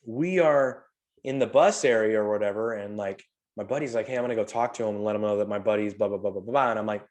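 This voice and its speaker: A man's voice: medium pitch, fairly quick. A man hosting a podcast, telling a long, profane party story in casual chat and acting out what people said. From St. Louis, USA. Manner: animated, profane, acts out quotes. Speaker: podcast host.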